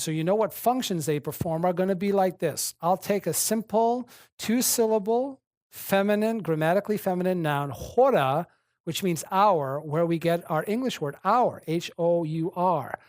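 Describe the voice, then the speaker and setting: Brief: steady, methodical lecturer, mid-range voice, dry close sound. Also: mid-range voice, normal speed, no room sound. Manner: methodical, spells out and repeats paradigms. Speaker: Greek teacher. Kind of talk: classroom lecture.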